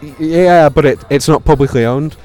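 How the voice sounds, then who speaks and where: A man's voice: a little high, normal speed, warm tone, soft background music. A young man from Britain chatting casually outdoors, joking around and filling his talk with "like". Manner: chatty, joking, lots of 'like' fillers. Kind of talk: casual chat. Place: outdoors at a convention.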